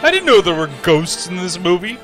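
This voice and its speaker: A man's voice: high voice, sing-song, fairly quick, a bit bright, faint music behind. A man co-hosting a podcast, chiming in with wry, teasing remarks in casual chat. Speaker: podcast co-host.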